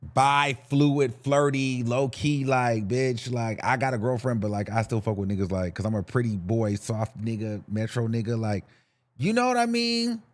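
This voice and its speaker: Speaking at a normal speed in a medium-pitched voice, a young podcast host chatters to himself about celebrity gossip. He's animated and sassy, peppering it with campy slang.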